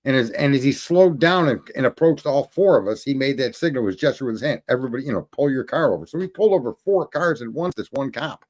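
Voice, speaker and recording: A man hosting a podcast, telling long stories in casual chat. He swears freely and rambles, and his voice climbs high when he gets indignant. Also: lively intonation, fast, few pauses. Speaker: podcast host.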